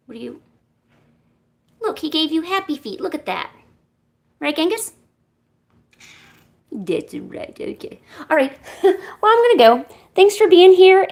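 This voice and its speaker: A woman's voice: high-pitched, sing-song, unhurried, creaky, pauses often, darkish tone. A woman streamer chatting casually and coaxing her cats with playful, baby-talk asides. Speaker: art streamer.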